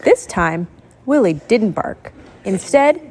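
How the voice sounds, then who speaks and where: A woman reading a picture book aloud, expressive and doing sound effects while explaining to a child. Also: mid-range voice, slow pace, slightly rough. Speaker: storybook reader.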